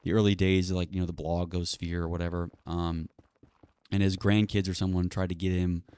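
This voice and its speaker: A man's voice: sits low, flat delivery, brisk, darkish tone, clear, resonant tone. A man talking in a casual solo monologue, rambling and sarcastic, with lots of fillers and swearing. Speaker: channel host.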